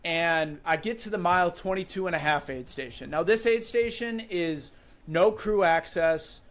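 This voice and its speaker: A man's voice: on the high side, normal speed. A man in his twenties from Wisconsin, a podcast guest vividly telling a story in a casual way, often using "like" and "you know". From Wisconsin, USA. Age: 20s. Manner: animated, vivid recounting with frequent "like" and "you know".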